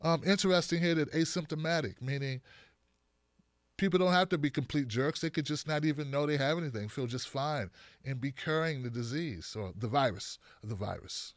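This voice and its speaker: A man hosting a political commentary show, talking in a blunt, animated, joking way with frequent restarts. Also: a little high, moderate pace, no echo, clean studio sound.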